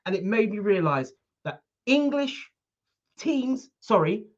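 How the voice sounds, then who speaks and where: A woman co-hosting a football talk livestream, her voice swinging widely in pitch as she drives her points home. She talks with emphatic energy and pushes on through interruptions. The sound is dull and lo-fi, coming over a weak internet link. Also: big pitch swings, slow, a crowd in the background. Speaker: co-host of a football discussion show. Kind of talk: casual sports chat on a livestream.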